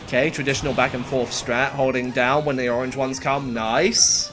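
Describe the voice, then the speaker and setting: A streamer giving casual live reaction commentary, excitable, with quick exclamations and casual slang aimed at chat. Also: mid-range voice, over music. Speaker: livestreamer.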